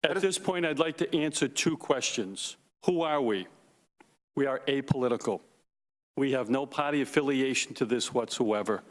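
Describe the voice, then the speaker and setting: A man testifying from a desk microphone, slow and firm, stressing each point and repeating it. His voice rings out with a long reverb from a large hearing room, and his pitch sits at an ordinary middle level. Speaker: forensic investigator testifying at a hearing. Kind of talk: prepared testimony.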